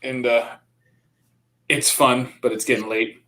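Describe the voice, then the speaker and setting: A man hosting a live stream, talking in an easy, rambling way. His voice sits at an ordinary middle pitch, and the talk is loose and chatty with plenty of fillers. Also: flat delivery, slow, background noise. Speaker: channel host. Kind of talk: casual live-stream chat.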